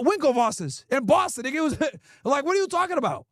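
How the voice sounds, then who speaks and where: A man's voice: very high-pitched, big pitch swings, brisk, hardly any pauses, fairly bright tone, no echo, studio quality. A man hosting a livestream, ranting bluntly and profanely while reacting to clips. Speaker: livestream host. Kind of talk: casual streaming rant reacting to clips.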